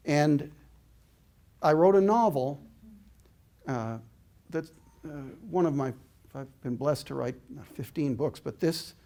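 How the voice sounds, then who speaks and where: A man's voice: fairly high pitch, creaky, dark tone. An older man giving an inspirational talk, telling a personal story in an earnest, reflective way. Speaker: inspirational speaker.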